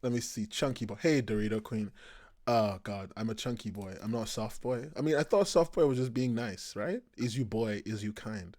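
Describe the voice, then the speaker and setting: A male host in a relaxed online podcast, rambling from one joke to the next and laughing often. He talks casually over a video call. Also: on the low side, normal speed. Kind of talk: casual chat.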